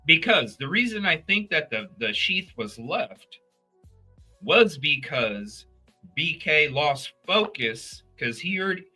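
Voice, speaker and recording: Animated, profane male livestream host. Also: on the high side, slow pace, faint music behind. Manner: animated, profane, talks straight to chat viewers. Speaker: true crime livestream host. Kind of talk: casual livestream chat.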